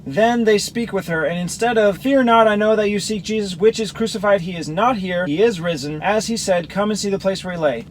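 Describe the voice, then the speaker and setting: Male Bible teacher, higher voice, reads verses and then breaks them down; faint background noise. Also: brisk, hardly any pauses, low-quality recording. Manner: explanatory, reads verses then compares accounts. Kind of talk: scripture reading with commentary.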